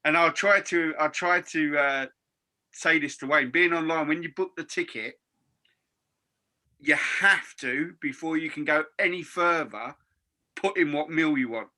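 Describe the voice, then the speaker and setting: Co-host, a little high, very bright voice, halting chat. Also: male voice. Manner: chatty, halting with many restarts. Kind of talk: casual chat.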